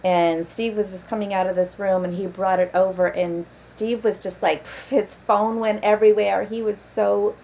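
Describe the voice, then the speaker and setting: A woman's voice: mid-range voice, steady tone, moderate pace, few pauses, darkish tone, a little hiss or hum, low-quality recording. A woman guest on a podcast, chatting casually with many restarts and frequent laughter. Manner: laughs often, rambling restarts. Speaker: podcast guest, paranormal investigator. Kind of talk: casual chat.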